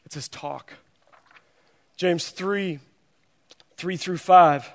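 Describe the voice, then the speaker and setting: High-voiced male pastor preaching. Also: extremely slow, long reverb tail. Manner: earnest, emphatic, shifting pace. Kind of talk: sermon. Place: church sanctuary.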